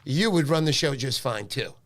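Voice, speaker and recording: A man's voice: mid-range voice, expressive, moderate pace. A man hosting a casual fishing livestream, tired, greeting viewers by name in a friendly way.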